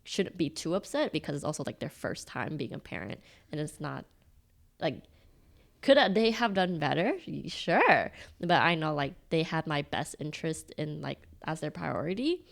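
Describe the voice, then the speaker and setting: A woman's voice: deep voice, animated, moderate pace, creaky. A young woman with a Californian accent, chatting casually on a community podcast with lots of fillers. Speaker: podcast co-host. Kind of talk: casual chat.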